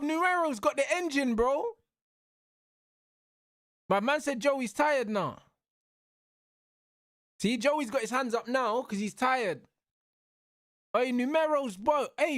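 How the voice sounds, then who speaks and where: Young man, live stream fight commentary, excitable, slangy, high voice, dry close sound. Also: slow, pauses often, dry recording. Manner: excitable, slangy, yelling at the referee.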